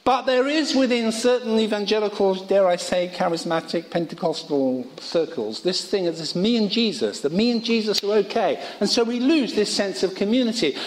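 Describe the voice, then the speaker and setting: A man with a high voice preaches a sermon at a college worship service, speaking at normal speed with few pauses. He keeps it conversational with humorous asides, and the recording carries a hall's long reverb.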